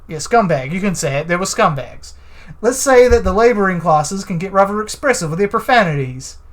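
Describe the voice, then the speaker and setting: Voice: mid-range voice, animated, brisk, pitched above the performer's own voice, natural voice. A let's-play narrator voicing a nervous, evasive, genteel man witness who speaks in fussy, formal, hesitant phrases.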